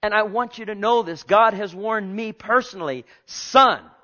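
A male pastor preaching a sermon, swinging between loud and hushed and repeating his phrases, with questions put straight to the congregation. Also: high voice, normal speed, highs cut off. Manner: asks the congregation direct questions.

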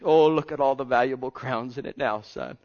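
A man's voice: mid-range voice, brisk. Impassioned preacher man, lo-fi. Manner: impassioned, swinging between loud pleading and hushed near-whispers. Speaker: pastor. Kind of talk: sermon. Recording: lo-fi dull sound.

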